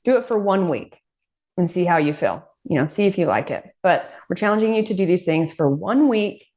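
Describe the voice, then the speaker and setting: Low-voiced woman co-hosting a chat podcast. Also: brisk. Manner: animated storytelling, acting out quoted voices and laughing. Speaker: podcast co-host. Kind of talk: casual chat.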